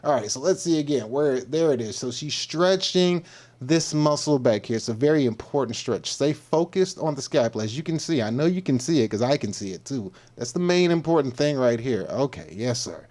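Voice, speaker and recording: A man's voice: mid-range voice, animated, fairly quick, a little mellow. A man from Texas, hosting a fitness livestream in a playful, joking manner with loose, repetitive slang. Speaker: fitness coach, livestream host.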